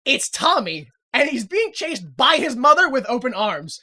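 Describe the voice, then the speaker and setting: A woman co-hosting a casual podcast, recapping a TV episode and acting out the characters in loud, exaggerated voices. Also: sits high, sing-song, moderate pace. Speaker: podcast co-host.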